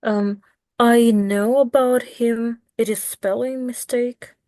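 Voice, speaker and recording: Woman, trainee, slow, careful, dry sound. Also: on the high side, fairly even intonation, darkish tone, dry recording. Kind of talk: answering in class.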